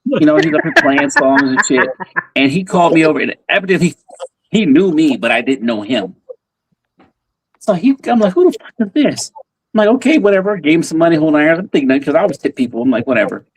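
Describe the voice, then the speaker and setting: A man with a husky, slightly rough voice tells stories on a podcast, cursing freely and acting out every quote with gusto. The telling stays loose and casual throughout. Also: a little high, fast talker, dry recording. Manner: profane, animated storytelling with acted-out quotes. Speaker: podcast guest. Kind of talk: casual storytelling.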